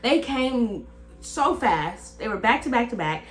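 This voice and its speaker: A woman's voice: on the high side, sing-song, measured pace, soft background music. A young woman in her twenties, chatting casually to a phone camera as she tells a personal story, rambling and full of fillers. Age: 20s. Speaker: vlogger.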